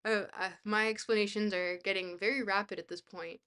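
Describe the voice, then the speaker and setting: A woman's voice: medium pitch, steady tone, moderate pace, fairly bright tone, clear, resonant tone. A woman streaming live, reading a dense book aloud and breaking off to chat, often hesitating with fillers and laughing at herself. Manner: laughs easily, self-deprecating.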